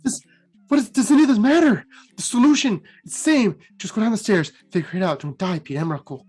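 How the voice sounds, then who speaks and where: A man's voice: high voice, fast, darkish tone, voice pushed up. A man voicing a weary male mage who sinks toward sleep and then frets aloud. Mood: frantic.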